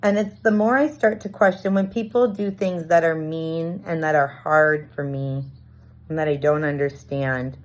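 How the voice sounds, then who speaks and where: Woman, low-ish voice, earnest and searching, personal monologue, muffled lo-fi recording. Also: normal speed. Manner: earnest, searching, reenacts dialogue. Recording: dull lo-fi recording.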